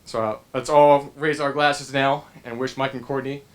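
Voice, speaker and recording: A man's voice: medium pitch, fairly even intonation. Earnest young man giving a toast. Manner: earnest, with frequent "uh" pauses and restarts. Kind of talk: heartfelt wedding speech.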